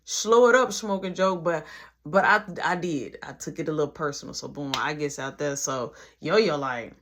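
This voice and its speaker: A woman casually telling a workplace story, animated and punctuating it with "boom" as she acts out every voice. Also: normal speed.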